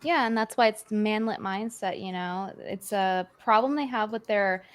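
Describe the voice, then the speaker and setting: A woman's voice: medium pitch, normal speed. A woman guest in casual podcast chat, explaining an idea in long run-on thoughts.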